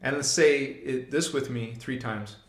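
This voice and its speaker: Speaking a little slowly in a mid-range voice, a man runs a live spiritual stream from an echoey room. He chats casually with slang while leading his audience in chants and affirmations.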